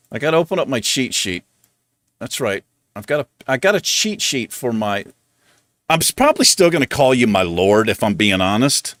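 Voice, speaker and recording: Medium-pitched and free of echo, a livestream host's voice carries through a casual chat. He's animated, keeps chuckling at himself, and struggles to pronounce words.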